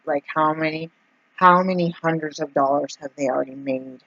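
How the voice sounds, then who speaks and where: A woman's voice: deep voice, normal speed, fairly bright tone, no echo, muffled recording. A woman telling a personal story in a casual vlog, chatty and full of fillers, acting out the people she quotes. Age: adult, mother of two young kids. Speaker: vlogger.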